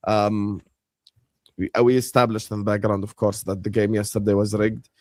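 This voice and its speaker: Man, stream co-host, casual shout-outs and channel plugs, dry sound. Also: on the low side, little pitch movement, moderate pace, no echo.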